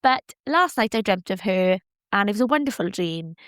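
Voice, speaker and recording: A woman's voice: medium pitch, lively intonation, normal speed, a bit bright, no room sound. A woman in her thirties hosting a personal podcast, heartfelt and chatty, emotional and close to tears. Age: 30s. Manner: heartfelt, chatty, tearful at times. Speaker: podcast host.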